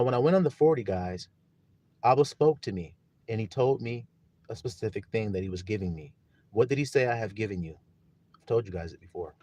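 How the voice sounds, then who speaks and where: A man preaching a sermon, reading scripture loudly and turning quiet for personal stories, often asking his listeners if they see. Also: lowish voice, animated, fairly quick. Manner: casual, blunt preaching with mild swearing.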